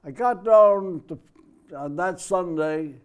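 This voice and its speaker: A man's voice: sits high, slow, clean tone. An older man, an interview guest, telling a personal story in a plain, conversational way.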